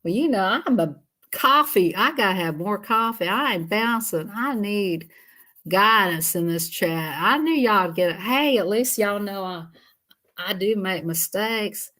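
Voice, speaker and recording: A woman's voice: medium pitch, animated, unhurried, pushed and bright. A woman with a drawl chats loosely with her livestream viewers as she colors. She laughs easily, greets people by name and rambles about her day in a mid-range voice. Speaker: livestream host. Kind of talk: casual livestream chat while coloring.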